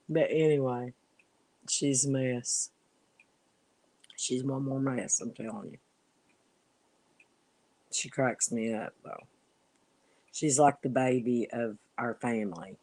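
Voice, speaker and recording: A man's voice: mid-range voice, a little mellow, dry recording. A middle-aged man on a casual livestream, telling family stories in a folksy way and laughing often. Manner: slow, laughing, folksy storyteller. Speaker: livestream co-host. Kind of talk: casual chat and storytelling.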